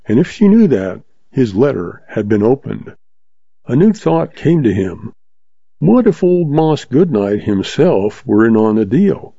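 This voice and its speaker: A man narrating a western novel as an audiobook in a steady, measured read, with a dull, dry, lo-fi sound. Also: medium pitch, gravelly, husky, no echo.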